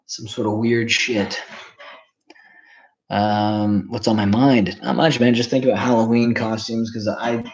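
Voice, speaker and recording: A man's voice: on the low side, flat delivery, measured pace, lo-fi sound. A man in his twenties, rambling and swearing casually while reacting to chat on a livestream. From Canada. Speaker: streamer.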